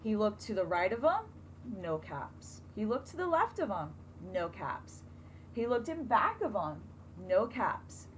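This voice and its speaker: A woman teacher reading a picture book aloud to children, expressive and asking them questions along the way. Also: mid-range voice, a little slow, a little hiss or hum, low-quality recording.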